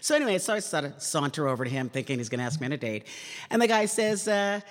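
A woman in her sixties, a comedian giving an animated, chatty storytelling talk to an audience in a lecture hall. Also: low voice, fast talker. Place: lecture hall at a public forum. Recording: reverberant hall sound.

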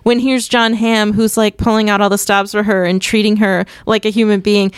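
A young woman co-hosts a casual podcast, talking in long opinionated runs full of restarts and asides. Her voice sits at an ordinary middle pitch. The sound is close and very dry. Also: level tone, moderate pace, smooth, no room sound. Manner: chatty, opinionated, rambling with restarts. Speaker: podcast co-host. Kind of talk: casual chat.

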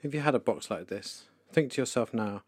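A man leading a guided meditation for listeners, speaking slowly, calmly and softly with pauses. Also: mid-range voice, no echo, studio quality. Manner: slow, calm, soft-spoken with pauses. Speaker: devotional leader.

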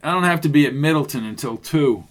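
Guy narrating a mystery radio drama, bit high voice, steady storyteller. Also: quick pace.

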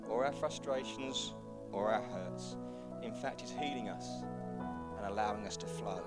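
A male pastor preaching a sermon in a church, building to loud, energetic exhortation. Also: mid-range voice. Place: church hall.

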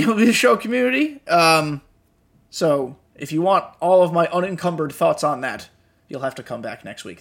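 A young man with a notably high voice talks through a casual gaming podcast. He is tired and a little drained, yet blunt and frustrated, dropping swears freely. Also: fairly bright tone. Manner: blunt and profane, frustrated asides. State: tired, yawning. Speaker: podcast host.

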